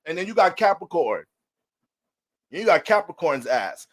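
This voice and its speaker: A man's voice: sits high, very animated, measured pace. A man talking as an astrologer in a casual, profane and joking monologue.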